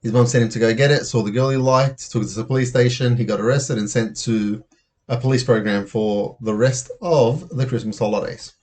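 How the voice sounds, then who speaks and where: A man reading a children's book aloud, recapping the story in a relaxed, casual way with fillers. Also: mid-range voice, fairly quick. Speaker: reader.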